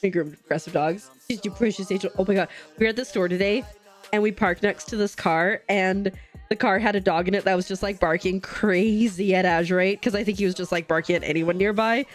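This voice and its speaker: A young woman in a casual livestream chat, bubbly and rambling as she answers her viewers between stitches. Her pitch sits in an ordinary middle range, and she talks into a desk mic at home with soft music faintly playing behind her. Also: brisk. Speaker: livestream host. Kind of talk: casual chat with live chat while crafting. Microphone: desk streaming mic.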